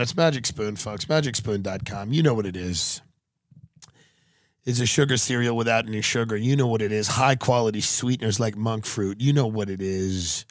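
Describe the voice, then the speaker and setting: A man hosting a podcast, doing a profane, deadpan comedic ad read that swings into shouted rants. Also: lowish voice, brisk, no echo, clean studio sound. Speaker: podcast host reading ads.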